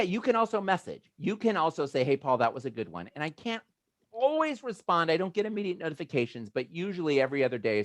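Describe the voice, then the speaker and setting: A man from the United States hosting a video call, talking casually in a rambling way with animated asides. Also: medium pitch, no room sound. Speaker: host of a motivational video call. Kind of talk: casual chatty talk.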